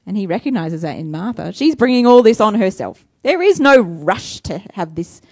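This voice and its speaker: A woman's voice: medium pitch, sing-song, moderate pace, darkish tone, dry recording, clean studio sound. A woman preaching a conversational sermon, asking rhetorical questions and admitting her own faults.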